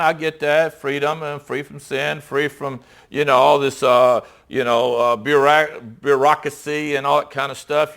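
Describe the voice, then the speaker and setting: A man's voice: mid-range voice, fairly bright tone. A middle-aged man preaching a sermon and reading Bible verses in a conversational, emphatic way, asking his listeners rhetorical questions.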